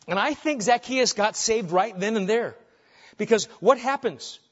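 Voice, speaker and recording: A man preaching a sermon with emphasis, dropping soft on key phrases and rising when animated. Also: sits high, a little slow, highs cut off. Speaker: pastor.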